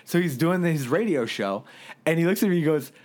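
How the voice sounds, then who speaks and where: A man's voice: a little high, animated, fairly quick, a little mellow. A man co-hosting a podcast, telling a rambling anecdote with lots of fillers and laughs in a casual chat. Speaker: podcast co-host.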